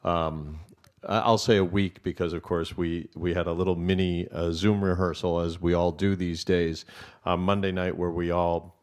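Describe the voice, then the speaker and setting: A man's voice: low voice, flat delivery, normal speed. A man who directs theater, speaking casually to an audience and rambling with lots of fillers and restarts.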